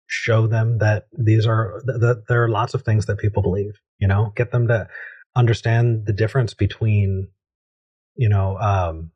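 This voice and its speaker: A man's voice: fairly low pitch, darkish tone, slightly rough, muffled recording. A man hosting a call-in show, giving easygoing advice and thinking aloud with frequent restarts.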